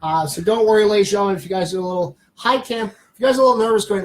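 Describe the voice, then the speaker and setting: A man with a slightly high voice chats casually on a livestream, leaning on fillers and restarts. He keeps breaking off to coo softly at a baby lizard on his hand. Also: racing, hardly any pauses, rough recording. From Canada. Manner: chatty, many fillers, coos softly at the animal. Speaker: streamer showing a pet lizard.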